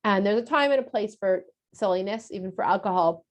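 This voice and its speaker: A woman voicing God giving instructions in a retold story, calm and reasoned like a teacher. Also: medium pitch, fairly quick, lightly acted. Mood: instructive.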